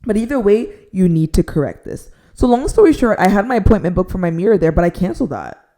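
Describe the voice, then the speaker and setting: A young adult woman telling a frustrated storytime rant, filling her talk with "like" and dropping to a near-whisper so she won't shout. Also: medium pitch, expressive, quick pace. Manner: exasperated, heavy use of "like", drops to a near-whisper to avoid shouting. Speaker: storytime vlogger.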